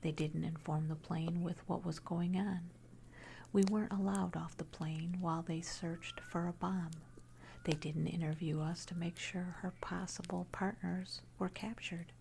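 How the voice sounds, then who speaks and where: A woman narrating a first-person horror story in a hushed, unvoiced whisper throughout. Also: lowish voice, creaky, slight background noise.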